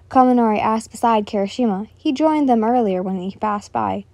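A woman's voice: mid-range voice, brisk, few pauses, darkish tone, no echo. A woman reading fan fiction aloud in a casual way, correcting her slips as she goes.

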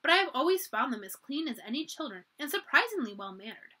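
A woman voicing a dignified, proper grandmother who speaks calmly and formally. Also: high voice, fast talker, pitched above the performer's own voice, full character voice. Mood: cool. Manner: calm, formal and cool.

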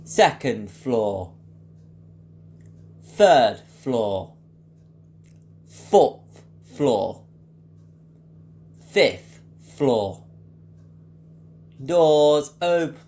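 A flat, measured automated lift announcer, as a man imitates it. Each announcement is drawn out very slowly, with a level, mechanical delivery. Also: medium pitch. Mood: flat announcing.

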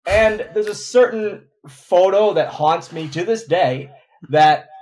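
A man hosting a casual chat podcast, halting and self-mocking as he talks. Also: sits high, darkish tone. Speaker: podcast host.

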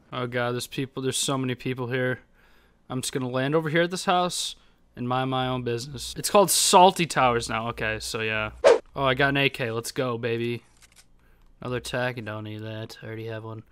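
A young man giving casual, excitable gameplay commentary, swearing and jumping into high yelps. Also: clear, resonant tone, no echo. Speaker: gaming YouTuber.

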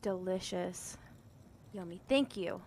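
A woman's voice: fairly low pitch, slow pace, background noise. A woman streamer chatting casually and rambling in an upbeat way during game role-play.

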